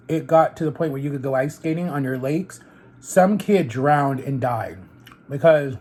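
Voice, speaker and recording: Animated young-sounding man telling a story. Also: a little high. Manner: animated, rambling, fillers of like and literally. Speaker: vlogger. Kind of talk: casual storytelling while eating. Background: eating on camera between sentences.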